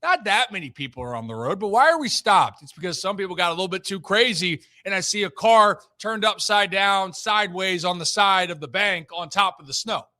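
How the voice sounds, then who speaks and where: A young man with a high, bright voice holds forth on a casual sports talk show. He rants in an animated way and tells a story as he goes. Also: brisk, few pauses. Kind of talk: casual chat.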